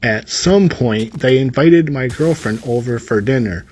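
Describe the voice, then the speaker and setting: A man's voice: medium pitch, a little slow, darkish tone, slightly rough. A man reading a story aloud and adding sarcastic, rambling comic asides over gameplay. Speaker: story reader and commentator.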